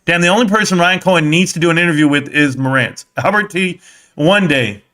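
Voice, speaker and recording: A man's voice: on the high side, a little fast, bright, forceful tone. A man hosting a stock market live stream, ranting heatedly and combatively as he answers his chat.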